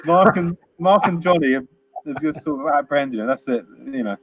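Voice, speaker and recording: A man's voice: fairly high pitch, animated, a little fast, husky, no room sound. A man co-hosting a casual film review chat, rambling and laughing as he acts out quotes. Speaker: podcast co-host.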